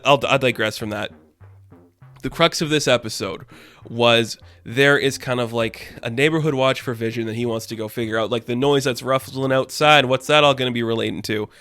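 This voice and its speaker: A man's voice: medium pitch, fairly bright tone, no room sound. A young man casually reviewing a TV episode, enthusiastic and rambling, with lots of filler words. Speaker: YouTube reviewer.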